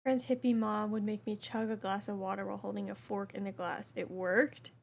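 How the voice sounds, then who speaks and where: A young woman streamer chatting casually with her chat while she plays, reading messages aloud in a relaxed way. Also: mid-range voice, a little fast, gravelly.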